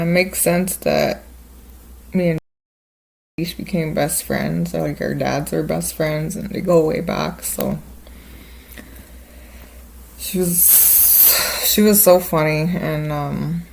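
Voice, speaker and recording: A woman's voice: on the low side, vocal fry, darkish tone, rough recording. A woman hosting a podcast, telling stories in a rambling, laid-back way with many fillers. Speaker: podcast host. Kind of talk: casual storytelling.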